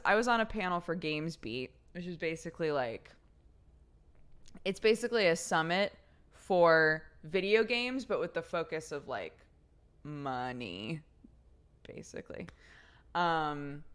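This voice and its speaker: A young adult woman streamer telling a story in casual chat, animated and chatty. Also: deep voice.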